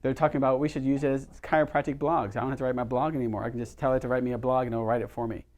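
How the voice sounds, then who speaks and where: A man's voice: medium pitch, flat delivery, racing, a little mellow. A middle-aged man leads a casual workshop for a small group. He talks in a chatty, storytelling way and keeps asking his listeners questions. His voice sits in an ordinary middle range. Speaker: chiropractor leading a workshop.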